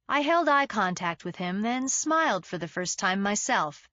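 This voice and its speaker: A woman's voice: mid-range voice, very animated, moderate pace, few pauses, pushed and bright, no room sound. A woman narrating a thriller audiobook in the first person, in a wry, sardonic storytelling manner.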